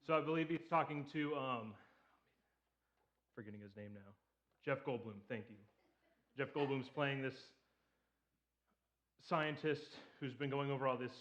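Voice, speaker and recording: A male preacher with a mid-range voice gives a relaxed, joking sermon and keeps asking the congregation questions. He is recorded in a church sanctuary. The sound is dull and lo-fi. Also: mid-range voice. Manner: joking, conversational, asks the audience questions. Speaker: pastor. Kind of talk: casual sermon.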